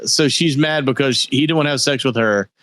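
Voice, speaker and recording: A man co-hosting a podcast, chatting casually about a film with relaxed, wry remarks. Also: medium pitch, a little fast, no echo. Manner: laid-back, agreeing, wry asides. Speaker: podcast co-host.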